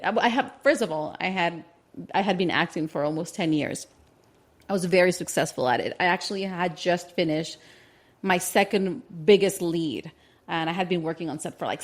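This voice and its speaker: A woman in her thirties, a podcast co-host, telling a personal story in casual chat, lively and quick with many restarts. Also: fairly low pitch. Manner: animated, acts out voices in her anecdotes; quick, tumbling delivery with restarts.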